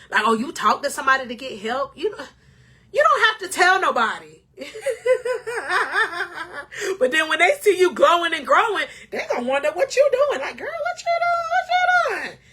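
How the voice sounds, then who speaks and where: Bright high-voiced woman life coach. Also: very animated, normal speed. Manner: emotional, preachy, addresses viewers as king or queen. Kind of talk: motivational talk to camera.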